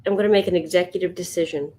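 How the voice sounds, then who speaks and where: A woman streaming live as she sketches, chatting to viewers and thinking out loud, yawning now and then. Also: lowish voice, fairly even intonation, racing, a little hiss or hum. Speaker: livestream sketch artist. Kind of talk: casual livestream chat.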